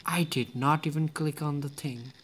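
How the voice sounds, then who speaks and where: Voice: mid-range voice, steady tone, moderate pace, noisy background. A gamer giving casual gameplay commentary, muttering to themselves and swearing at the game.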